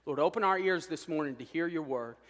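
A bright, high-voiced man preaches a sermon in a church sanctuary with a long echo. He gets fired up, swinging between loud declarations and hushed asides. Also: brisk. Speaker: pastor.

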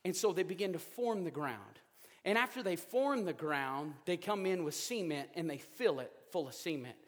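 A man preaching a sermon, animated and joking, with sudden loud outbursts. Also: on the high side, normal speed. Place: church sanctuary. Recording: reverberant church hall.

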